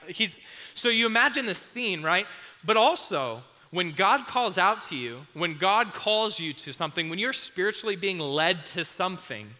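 A youth pastor giving a casual, chatty sermon and acting out the scenes. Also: male voice, fairly high pitch, bright, forceful tone, in a large hall. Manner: chatty and conversational, acts out scenes.

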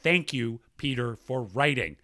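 A man co-hosts a chatty podcast with real enthusiasm, running through listener mail. His voice leaps around in pitch with a bright, forward edge. The recording is close and dry, with no room sound. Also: animated, unhurried, no room sound. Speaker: podcast co-host. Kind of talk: casual chat.

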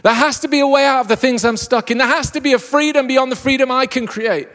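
A man preaching a lively, jokey sermon to a live congregation. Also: very high voice, fast talker. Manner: enthusiastic, jokey storyteller. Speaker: pastor. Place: church hall with a live congregation. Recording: long reverb of a large hall.

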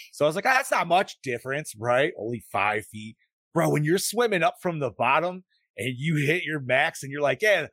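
A man's voice: mid-range voice, no room sound. A man in his late thirties hosting a podcast, telling stories in casual chat, swearing often and acting out quotes. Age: 30s. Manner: profane, animated storytelling with acted-out quotes. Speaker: podcast host.

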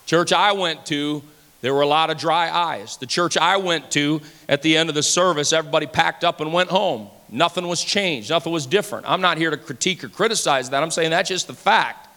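A man's voice: fairly high pitch, pushed and bright. A pastor in his forties preaching a sermon with passion, repeating phrases for emphasis. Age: 40s. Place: church sanctuary. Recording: long hall reverb.

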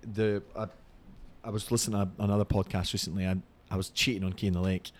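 A man co-hosting a laid-back podcast, with a voice that sits somewhat low. He stops and restarts his sentences often as he works toward his point. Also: little pitch movement, fast talker. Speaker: podcast co-host. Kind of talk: casual podcast chat.

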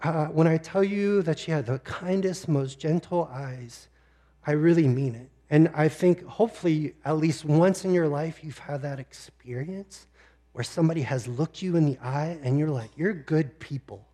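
A male pastor preaching a sermon, telling a personal story with deep emotion and sometimes close to tears. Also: normal speed, mellow.

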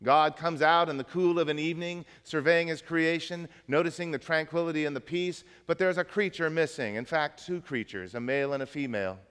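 A man's voice: fairly high pitch, fairly quick, hardly any pauses, a bit bright, clean tone, in a large hall. A man preaching a sermon as pastor, conversational and folksy, mixing jokes into the message. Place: church.

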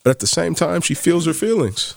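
A man's voice: fairly high pitch, big pitch swings, a little fast, creaky, dry recording, clean studio sound. A man co-hosting a casual faith discussion podcast, talking earnestly and building emphasis as he makes his points. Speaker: podcast co-host.

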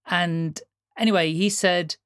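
A woman's voice: lowish voice, steady tone, takes it slowly, dry recording, studio quality. A middle-aged woman from the Netherlands, whose first language is Dutch, hosting an interview and telling stories in a chatty way, laughing often and restarting sentences. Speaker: podcast host. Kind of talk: casual conversational interview.

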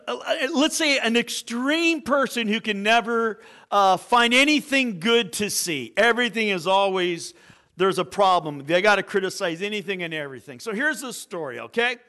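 A man's voice: sits high, pushed and bright. A male pastor preaching a sermon in church, telling a joke story and reading scripture, with small stumbles and restarts.

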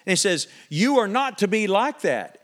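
A male preacher with a somewhat high voice delivers an animated sermon in a church. He punches his loud lines hard and then falls quiet and earnest. His delivery is emphatic throughout. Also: moderate pace.

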